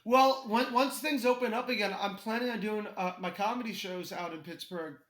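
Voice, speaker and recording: High-pitched man, comedian guest, animated storyteller, echoey room. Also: normal speed. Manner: animated storyteller, laughs often. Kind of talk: casual podcast chat.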